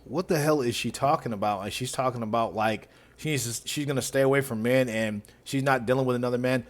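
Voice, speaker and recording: A man's voice: medium pitch, a little fast, a little hiss or hum. A man hosting a reaction video who mocks the clips with sarcasm and frequent laughter. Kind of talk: reaction commentary.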